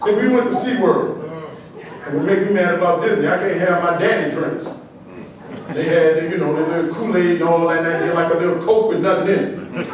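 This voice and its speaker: Middle-aged male motivational speaker, high voice, storytelling cadence, distant echoey hall. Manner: animated, preacher-like repetition and building cadence. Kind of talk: motivational speech with humorous storytelling. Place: large hall at a podium. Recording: echoey hall, voice from far off, faint noise.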